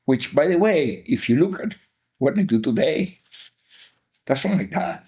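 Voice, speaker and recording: With a Cuban Spanish accent and a mellow, somewhat dark voice, an older man from Cuba shares his life story as an interview guest. He sounds animated and a little high in pitch, speaking unhurriedly, earnestly and emphatically while repeating key phrases.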